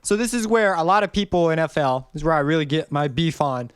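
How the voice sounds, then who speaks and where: A man's voice: a little high, fairly even intonation, fast, smooth, dry recording, studio quality. A man giving a casual, rambling music theory lesson over a screen recording, often correcting himself mid-sentence. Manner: chatty, rambling, self-correcting.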